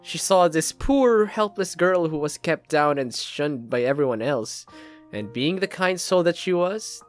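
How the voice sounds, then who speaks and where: A man's voice: fairly high pitch, lively intonation, unhurried, faint music behind. A man from the Philippines reads a game's narration aloud as a let's play gamer, dramatic, with his own asides in between. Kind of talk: reading game narration aloud with commentary.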